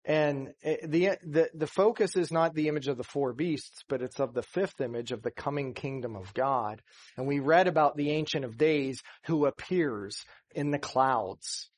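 Male pastor, sermon, slightly high-pitched, earnest, grows emphatic, church setting. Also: normal speed.

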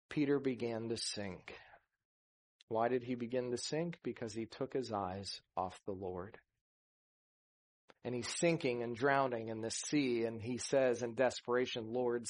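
Earnest male preacher giving a sermon. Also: mid-range voice. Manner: earnest preaching, rising to emphasis, acting out scripture dialogue. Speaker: pastor.

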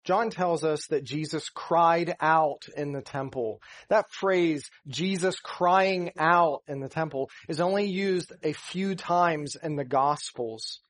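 A man's voice: a little high, slow pace, hardly any pauses, fairly bright tone. A man preaching a sermon as pastor of a church, earnest and building to emphatic stress on key points.

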